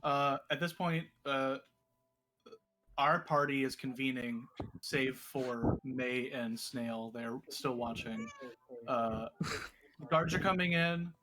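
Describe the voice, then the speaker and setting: Slow, hesitant man player. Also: medium pitch, fairly even intonation, noisy background. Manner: slow, hesitant, many pauses and fillers. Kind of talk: tabletop role-play.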